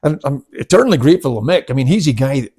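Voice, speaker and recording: Gravelly, husky older man telling stories. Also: medium pitch, lively intonation, fast talker, warm tone. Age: 70s. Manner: chatty, laughing, many restarts and fillers. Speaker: guest, karate instructor. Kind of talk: casual storytelling interview.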